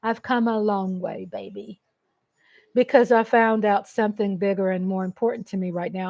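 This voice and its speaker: Hosting a livestream from home, this middle-aged woman speaks at normal speed in a medium-pitched, slightly mellow voice with fairly even intonation through a USB desk mic. Reading viewer comments, she rambles casually, turns emotional and laughs a lot.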